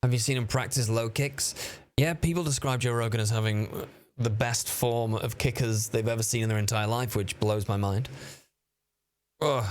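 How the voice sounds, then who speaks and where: A man chats casually through a gameplay stream, reacting to viewer messages. He swears freely and easily in a mid-range voice. The sound is that of a desk microphone. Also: medium pitch. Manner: chatty, swears freely, riffs on chat messages. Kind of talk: casual gameplay commentary, reading chat.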